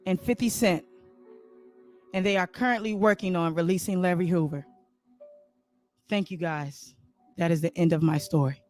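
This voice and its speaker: A man hosting a podcast, telling a comic improvised story with loose, rambling asides to listeners. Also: high voice. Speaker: podcast host.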